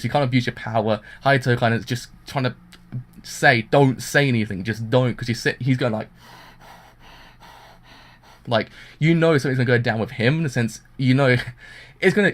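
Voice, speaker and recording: A man giving a casual, rambling anime review with constant fillers, acting out the characters' lines as he retells them. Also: mid-range voice. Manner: rambling, full of fillers, acts out quotes.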